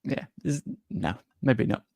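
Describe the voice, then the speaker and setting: A male livestream host whose dry, self-deprecating jokes roll out in a voice that swings lively up and down. He teases his guest with quick wit, close and dry on the mic. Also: mid-range voice, gravelly, breathy edge, no echo. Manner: teasing, quick-witted. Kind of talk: livestream chat.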